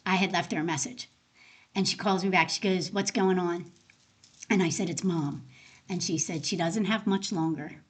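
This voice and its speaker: A woman's voice: fairly low pitch, normal speed, slightly rough. A woman being interviewed as a guest, an end of life doula telling personal stories in a casual, conversational way and acting out the dialogue she quotes. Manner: animated, acts out quoted dialogue in her stories.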